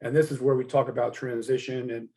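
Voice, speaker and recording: Measured middle-aged man, reflective guest. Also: mid-range voice, level tone, darkish tone, poor audio. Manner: reflective, measured, repeats "again" and "yes". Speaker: guest coach. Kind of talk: conversational interview.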